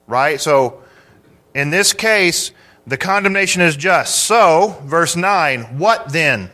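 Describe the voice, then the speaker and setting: Guy preaching a sermon, kinda high bright voice, slow and deliberate, keeps asking the room questions. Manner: teaching through scripture verse by verse, asking the listeners questions; measured, with emphatic pauses on key words.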